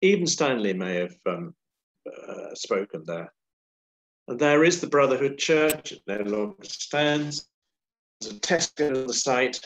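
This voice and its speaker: A man giving a wry, unhurried history lecture. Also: mid-range voice, animated, low-quality recording.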